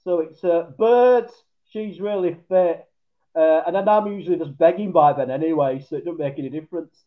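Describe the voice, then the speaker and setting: Lo-fi Yorkshire man, high-pitched, laughing. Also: fairly quick. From England. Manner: laughs often, rambling with restarts. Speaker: podcast guest. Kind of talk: casual banter.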